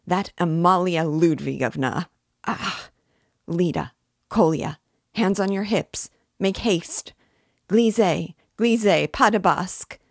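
A woman reading aloud gives voice to a proud mother dying in delirium, her voice hoarse and gasping. She rambles feverishly and breaks into cries. The voice sits low and grainy, and the close sound is dry. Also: slow, dry recording. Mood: rambling. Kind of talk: audiobook character reading.

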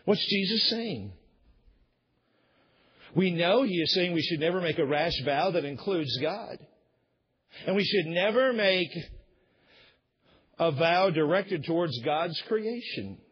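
A man preaches from the pulpit in an easy, conversational way, often stumbling into repeated words and slipping into quoted voices. His voice sits high for a man and has a husky edge. The recording is dull and lo-fi. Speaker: pastor. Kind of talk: sermon.

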